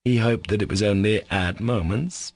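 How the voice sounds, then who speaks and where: A low-pitched man reads a classic novel aloud at a measured pace. His voice carries heavy fry and a husky grain. The recording is close and completely dry. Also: no echo. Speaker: audiobook narrator. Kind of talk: scripted narration.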